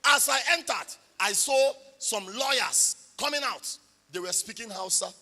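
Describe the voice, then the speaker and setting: High, bright Nigerian preacher. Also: male voice, a little slow. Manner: animated storytelling, rising to shouts. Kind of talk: sermon testimony. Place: church. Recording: long hall reverb.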